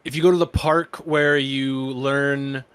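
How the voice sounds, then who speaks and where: A man's voice: mid-range voice, fairly even intonation, unhurried, smooth. A man co-hosting a gaming podcast, recapping scenes in a loose, rambling way with casual swearing. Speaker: podcast co-host. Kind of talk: casual chat.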